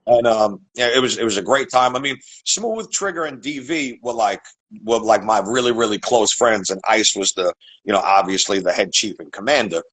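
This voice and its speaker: A man's voice: lowish voice, normal speed, a bit bright, breathy edge, poor audio. A man from Staten Island with a heavy New York accent, a rapper chatting bluntly as a podcast guest over a video call. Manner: blunt, streetwise, swears freely. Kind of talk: casual chat.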